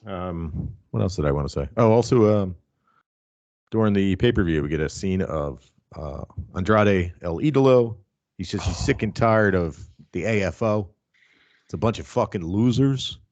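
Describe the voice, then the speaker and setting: A man's voice: low voice, animated, normal speed, darkish tone, dry recording, dull audio. A man co-hosting a wrestling podcast, talking in a profane, rambling, sarcastic way. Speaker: podcast co-host. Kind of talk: casual wrestling podcast chat.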